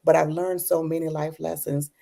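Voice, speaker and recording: A woman's voice: low voice, little pitch movement, normal speed, creaky, warm tone. A woman who is an author and educator, telling reflective personal stories in an interview and coming alive when she retells conversations.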